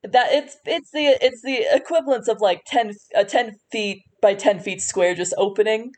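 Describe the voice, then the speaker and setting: A woman's voice: on the high side, normal speed, a little mellow. A woman running a tabletop game as game master, narrating scenes with fillers and restarts.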